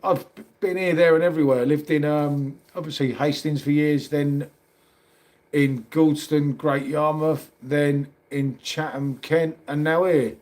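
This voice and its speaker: A man's voice: fairly high pitch, fairly even intonation, unhurried, darkish tone. Matey London man chatting on a livestream. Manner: chatty, matey, calls everyone mate. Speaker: livestream host. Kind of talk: casual live chat reading comments.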